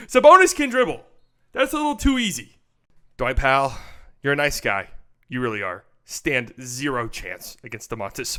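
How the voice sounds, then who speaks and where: A young man breaking down basketball game film in a casual, animated way, laughing and mocking the plays as he goes. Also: a little high. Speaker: basketball analysis host.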